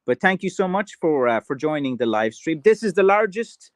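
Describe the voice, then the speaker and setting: Speaking at a normal speed with no room sound, a middle-aged Irishman with a slightly high, very animated voice chats on his livestream about stick making. He wanders through topics, fills the gaps with filler words and responds to viewer comments.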